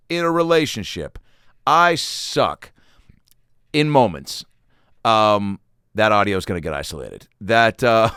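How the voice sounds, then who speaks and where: Male podcast host, low register, very animated delivery, profane and self-deprecating, dry close recording. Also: smooth, no echo. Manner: animated, profane, rambling storytelling. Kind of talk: casual comedic solo monologue.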